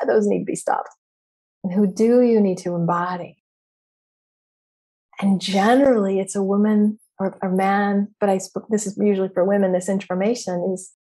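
A woman coach talks straight into a podcast mic in a fired-up, preachy flow. She leans hard on her points and drops the odd curse word without slowing down. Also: medium pitch, dark tone. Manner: emphatic, preachy, casual swearing. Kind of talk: motivational podcast talk.

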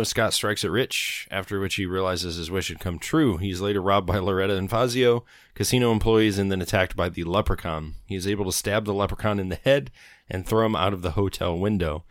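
A man's voice: low voice, no room sound, clean studio sound. A man co-hosting a podcast, reading out a plot summary with the odd laugh. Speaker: podcast co-host.

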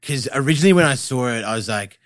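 A man's voice: medium pitch, expressive, quick pace, dry recording, studio quality. A man rambling and swearing casually in a film podcast chat. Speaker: podcast co-host.

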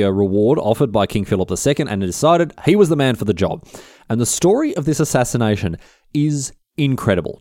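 Lively man telling history. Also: medium pitch, no room sound, clean studio sound. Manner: slangy, animated, irreverent. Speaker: history podcast host. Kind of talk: casual comedic storytelling.

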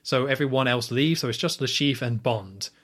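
A young man talks through a film scene in a relaxed, conversational way, filling gaps with ums and likes. He quotes the characters' lines as he goes and has an ordinary, mid-pitched voice. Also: normal speed. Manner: chatty retelling with frequent fillers and quoted lines. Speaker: podcast host recapping a film. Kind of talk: casual chat.

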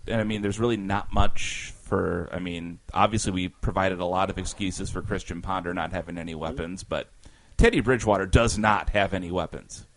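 A man co-hosting a podcast, chatting casually about football, relaxed with frequent restarts. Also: sits low, brisk. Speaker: podcast co-host. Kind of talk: casual sports chat. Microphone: remote video call.

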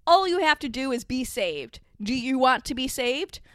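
A self-satisfied, kindly giant man who preaches in a gently patronizing tone, read by a woman in her own rather high voice. Dry, close sound. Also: lively intonation, moderate pace, dry recording. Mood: coaxing.

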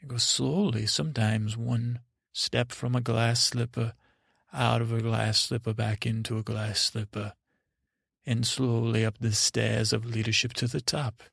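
A man voicing a confident, smooth-talking male stranger who calmly offers advice and flattery in a bedtime story. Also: mid-range voice, measured pace, dry recording, studio quality, exaggerated voice. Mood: smooth persuasive. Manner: calm, persuasive, slightly flattering.

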